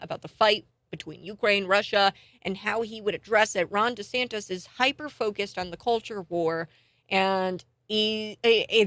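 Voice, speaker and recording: A woman hosting a morning talk radio show, getting indignant and animated as she rants and laughs in scorn. Her voice sits in a middle pitch. It is recorded close and dry on a studio mic. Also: no echo. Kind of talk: heated political talk radio monologue.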